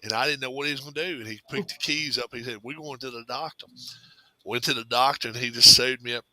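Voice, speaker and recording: A man's voice: medium pitch, steady tone, quick pace, bright, forceful tone, no room sound, rough recording. A man telling a funny childhood story in a casual chat, drawling and acting out what others said. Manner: drawling, laughing storyteller who acts out quotes.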